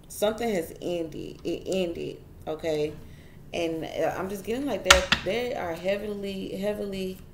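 A woman's voice: fairly low pitch, echoey room, slight background noise. A woman giving a casual tarot reading straight to her viewers, chatty and repeating herself as she goes. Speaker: tarot reader.

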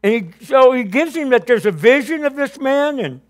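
Male pastor, high voice, sermon, animated storytelling, asks the congregation questions. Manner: animated storytelling, acting out his own past dialogue with God; addresses the congregation with quick questions.

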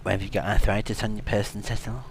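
A man hosting a comedic let's-play, excitable, silly and teasing as he talks over the game. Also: lowish voice, fast, a little hiss or hum. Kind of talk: comedic gaming commentary.

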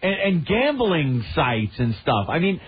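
A man hosting a radio show, ranting in casual chat with a mocking, animated manner. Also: a little high, unhurried. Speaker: radio host. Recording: muffled radio broadcast with faint hiss.

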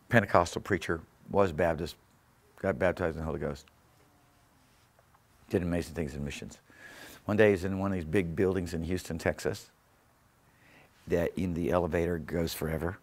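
A pastor preaching a fervent sermon in a church, surging loud on key phrases and chuckling between points. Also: male voice, sits low, moderate pace, long pauses. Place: church sanctuary.

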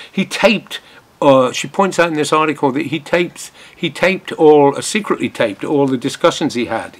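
An older man from Britain, giving a political commentary while reading from an article, hesitant and full of restarts. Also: fairly high pitch.

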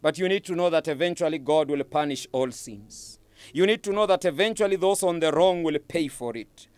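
A man's voice: on the high side, fairly quick, a little mellow, smooth, dry recording. A man preaching a sermon, emphatic and repeating his phrases for effect.

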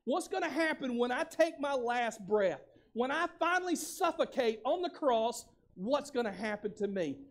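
A man's voice: very high voice, expressive, normal speed, pitched above the performer's own voice. A man preacher voicing a condemned male prisoner who anxiously wonders what happens when he dies. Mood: fearful. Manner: anxious, questioning.

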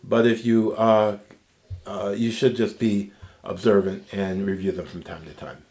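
A man teaching a recorded Greek grammar lesson, explaining slowly and patiently and checking in with "okay?". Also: lowish voice, little pitch movement, a little mellow. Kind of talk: recorded language lecture.

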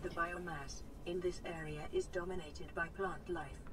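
A woman voicing a calm female onboard computer assistant in a video game, giving even, informational reports. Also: on the low side, normal speed, a little hiss or hum, close to an everyday voice. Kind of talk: game voice-over.

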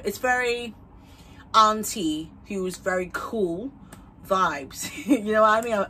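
A woman's voice: mid-range voice, sharp tone, husky. A young woman vlogger chatting casually while trying on wigs at home, bubbly and rambling, laughing often and swearing freely.

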